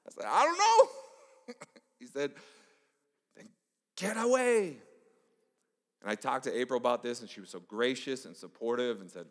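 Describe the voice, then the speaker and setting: Male pastor, middle-aged, storytelling sermon style, long hall reverb. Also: medium pitch. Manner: conversational, storytelling, drops to a hush for emphasis. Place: church sanctuary. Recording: echoey church hall.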